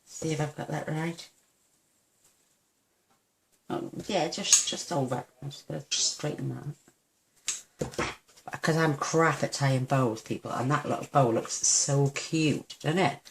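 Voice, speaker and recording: A woman's voice: low voice, slow, creaky, long pauses, noisy background. A woman hosting a casual craft tutorial at her desk. She chats as she works, gushes over how cute each step looks and pokes fun at herself. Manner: chatty, gushing over cute results, self-deprecating. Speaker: papercraft tutorial host.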